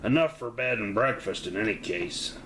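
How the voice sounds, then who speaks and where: A man's voice: lowish voice, lively intonation, normal speed, a bit bright, slight background noise, low-quality recording. A man voicing a blunt, laconic, weary male coach driver in a tabletop game. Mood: grumbling.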